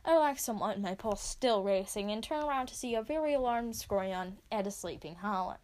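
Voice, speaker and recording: A woman reading her own story aloud, expressive as she narrates. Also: medium pitch, brisk. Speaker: reader.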